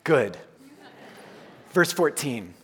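A male pastor giving a conversational, jokey sermon with bursts of loud emphasis, to a congregation in a church. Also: fairly high pitch, sing-song, extremely slow, slightly rough. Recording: long hall reverb.

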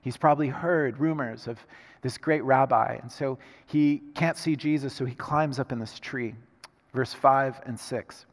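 A man preaching a sermon, moving between hushed, slow lines and loud, emphatic passages. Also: mid-range voice. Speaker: pastor. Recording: reverberant hall sound.

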